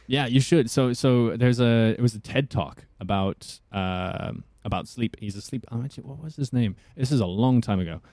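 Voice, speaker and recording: A man's voice: mid-range voice, moderate pace, few pauses, dark tone, no room sound. A man co-hosting a podcast, a voice actor chatting casually, rambling with many fillers and restarts. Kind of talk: casual chat.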